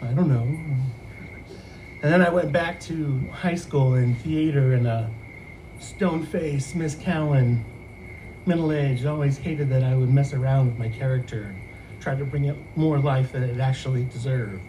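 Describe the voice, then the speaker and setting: A man who works as a student affairs advisor, telling a personal story on a podcast in an animated way and laughing often. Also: mid-range voice, moderate pace, slight background noise, rough recording.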